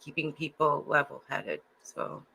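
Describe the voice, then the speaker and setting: Chicago lady cohost, gravelly fry in her voice, very bright and sharp, lots of ums. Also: sits low, lively intonation, measured pace, rough recording. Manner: hesitant, many ums. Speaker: co-host. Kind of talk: casual chat.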